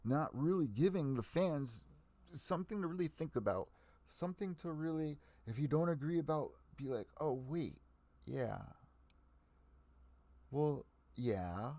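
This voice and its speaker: A young man hosts an MMA podcast, ranting with plenty of swearing as he offers fight predictions in a profane, fired-up live-stream style. His voice is a little high, animated and mellow at a moderate pace, with no room sound.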